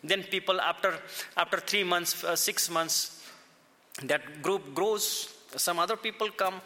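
A man speaking informally about church outreach in villages, halting and searching for words in simple phrasing. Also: high-pitched, sharp tone, long reverb tail. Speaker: church worker describing village ministry.

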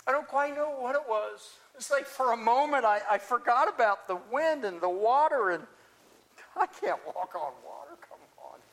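A man's voice: very high-pitched, lively intonation, normal speed, fairly bright tone, heavily acted. A man preaching as the apostle Peter, an impulsive and talkative fisherman, telling his story in the first person with earnest, searching restarts. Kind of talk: first-person dramatic monologue.

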